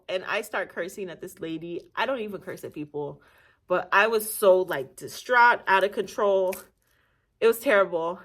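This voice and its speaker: On her channel, a young adult woman from Nigeria relates a personal story in a medium-pitched voice at normal speed. She's lively, breaks into laughter often, and performs the quoted lines in character.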